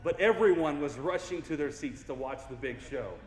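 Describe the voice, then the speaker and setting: Speaking at a moderate pace in a voice on the high side, a young keynote speaker clowns around and gets a large audience involved during his motivational speech. It sounds distant and echoey, as in a hall, with slight background noise.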